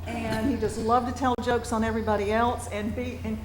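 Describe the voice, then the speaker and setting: A woman with a slightly high voice, once a news anchor, now a council member, speaks in a chatty, affectionate way, often breaking into laughter. The public meeting chamber around her adds clear background noise. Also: flat delivery, brisk, a little mellow, poor audio. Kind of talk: formal meeting remarks.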